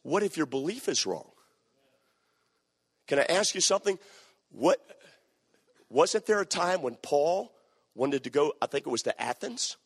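A man's voice: a little high, sing-song, a little slow, long pauses, slightly rough, in a large hall. A man preaching a sermon, emphatic and repeating his key phrases.

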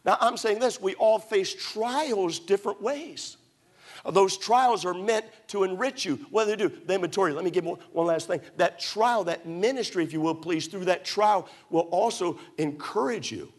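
A man's voice: high-pitched, normal speed. Emphatic storytelling preacher man. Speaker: pastor. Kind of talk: sermon.

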